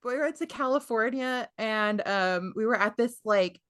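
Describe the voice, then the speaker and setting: A woman from Texas co-hosting a casual book-club podcast. She giggles often and jumps in with quick reactions. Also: fairly high pitch, fairly bright tone, clean tone, no room sound, clean studio sound. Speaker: podcast co-host.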